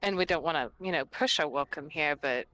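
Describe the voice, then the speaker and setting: Woman player, low voice, measured and reasoning. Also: pushed and bright. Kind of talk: in-character tabletop play.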